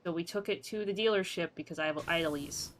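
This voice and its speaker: Streamer rambling through a story, lots of "like", bright voice, a bit sarcastic. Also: medium pitch, brisk, slight background noise, rough recording. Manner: rambling storyteller, many fillers; playfully sarcastic. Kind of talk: casual livestream chat.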